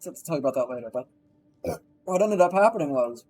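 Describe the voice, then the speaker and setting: Husky young man rambling on stream. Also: fairly high pitch, animated, fast, darkish tone, faint music behind, poor audio. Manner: rambling, profane storytelling. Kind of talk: casual chat while gaming on a live stream.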